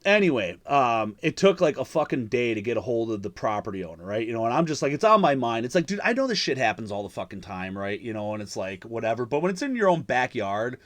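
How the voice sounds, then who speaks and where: A man's voice: mid-range voice, big pitch swings, fast talker, few pauses. A man hosting a podcast, telling a story in casual chat over a remote call, swearing often and rambling with fillers and restarts. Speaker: podcast host.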